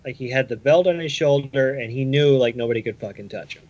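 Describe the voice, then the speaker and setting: A man's voice: mid-range voice, fast, darkish tone. A man co-hosting a casual podcast chat, loosely recalling things with plenty of fillers. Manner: rambling recollection with fillers. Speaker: podcast co-host. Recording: dull lo-fi audio.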